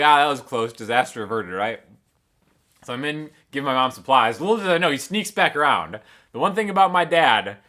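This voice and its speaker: A man hosting a guitar channel, casually telling an animated story and chuckling often. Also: medium pitch.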